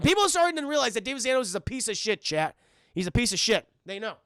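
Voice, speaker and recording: A young man streaming a casual, profane cartoon recap to his live chat, rambling and slipping into quick voices for the characters. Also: high voice, very animated, creaky, a bit bright, clean tone, no room sound, studio quality.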